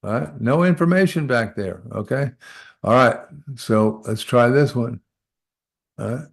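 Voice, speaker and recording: Man, trading instructor, live screen-share lesson, gravelly voice, repeats phrases as he works. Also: mid-range voice, unhurried. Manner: talks through charts aloud, repeats "all right?" to check in; repeats short phrases while working.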